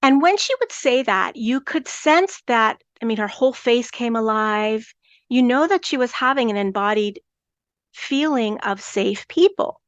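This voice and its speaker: A woman's voice: a little high, lively intonation, unhurried, no room sound. A woman hosting a podcast, speaking earnestly with stammered restarts. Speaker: podcast host. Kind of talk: podcast conversation.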